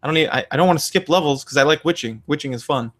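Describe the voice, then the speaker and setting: A man's voice: on the high side, rapid-fire, a bit bright. A young man from Mississippi, a podcast host, chatting casually and acting out the voices in his stories. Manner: rambling storyteller, acts out quotes. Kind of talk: casual chat.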